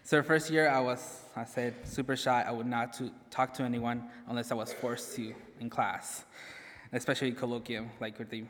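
Young man, mid-pitched voice, nervous, chatty student speech, long hall reverb. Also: steady tone, normal speed, fairly bright tone. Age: young adult. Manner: nervous, self-deprecating, laughs often, says "like" a lot. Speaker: graduating senior giving a convocation speech. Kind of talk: personal speech to an audience. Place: large hall.

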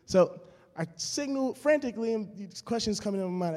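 A young man with a high but mellow voice tells a funny true story to a live audience. He holds a handheld mic, repeats lines for comic effect, and talks straight to the crowd. His voice rings through a large hall with a long reverb. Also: expressive, moderate pace. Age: young adult. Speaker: student storyteller. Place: auditorium stage. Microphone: handheld microphone.

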